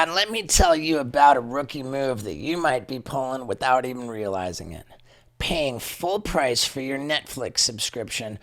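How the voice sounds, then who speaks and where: Bright, gravelly podcast host. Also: male voice. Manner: blunt, joking, then smooth sponsor pitch. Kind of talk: casual chat and ad read.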